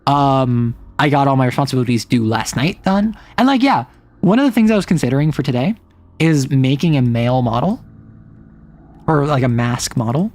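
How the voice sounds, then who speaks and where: A young adult non-binary streamer chatting casually and rambling, often sliding between higher and lower voice registers. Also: animated, normal speed, a little mellow, no room sound. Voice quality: some gravel in the voice. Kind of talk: casual live-stream chat.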